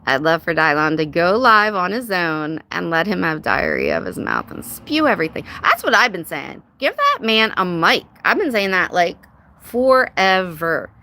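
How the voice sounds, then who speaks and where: A woman's voice: fairly low pitch, very animated, moderate pace, bright, forceful tone. A woman hosting a casual live stream, chatting sarcastically, laughing often and greeting viewers by name. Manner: sarcastic, says dude and y'all. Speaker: livestream host.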